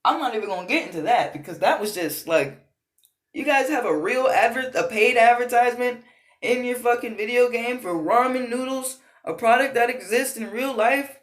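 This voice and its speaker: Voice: medium pitch, normal speed, fairly bright tone. A gaming vlogger ranting casually, exasperated and profane, rambling with frequent fillers. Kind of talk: casual rant. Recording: roomy echo.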